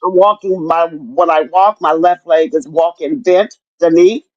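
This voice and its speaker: A woman's voice: fairly low pitch, measured pace, a little mellow, no room sound, lo-fi sound. An older woman and grandmother speaking candidly in a casual chat, often repeating herself and cursing freely. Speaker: stroke survivor sharing her story.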